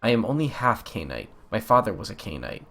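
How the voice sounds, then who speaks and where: A man reading out a guarded, curious captive young woman from a video game, part alien by birth. The reading is plain and unhurried, in a low voice that rises and falls freely, with soft game music underneath. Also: big pitch swings. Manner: reads game dialogue aloud plainly.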